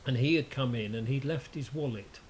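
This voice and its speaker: A man's voice: medium pitch, fairly quick, rough recording. Hesitant man telling a prank story. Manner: hesitant, full of ums, dry teasing. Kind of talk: casual storytelling chat. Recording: faint hiss.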